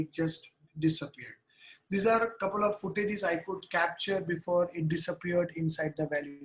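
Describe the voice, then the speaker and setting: Man, high tenor voice, earnest photographer teaching through a halting field story. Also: reverberant, poor audio. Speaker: wildlife photographer. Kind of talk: recounting a field trip in a photography tutorial.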